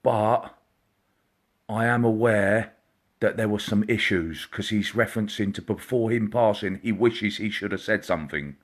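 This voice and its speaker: A man, a psychic medium, hosting a casual live stream, chatty and greeting viewers by name, sometimes dropping into a quiet murmur. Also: fairly low pitch, moderate pace. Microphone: computer or phone mic, live stream.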